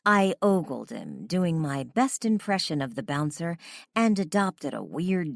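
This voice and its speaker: A woman narrating a first-person romance audiobook in an expressive, conversational way. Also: sits low, unhurried, creaky, dry recording, clean studio sound.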